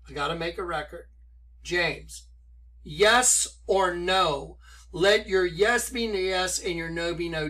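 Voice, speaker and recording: A man preaching excitedly to an online audience, firing rhetorical questions and commenting on a clip. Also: fairly high pitch.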